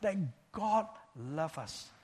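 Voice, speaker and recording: A man preaching a sermon in a measured, emphatic way, repeating key phrases for stress. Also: a little high, big pitch swings, a little mellow, slightly rough.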